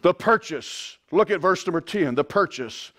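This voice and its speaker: A man preaching a sermon as pastor, swinging from quiet, drawn-out lines to loud shouted climaxes. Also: a little high, lively intonation. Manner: impassioned preaching, rising to shouts.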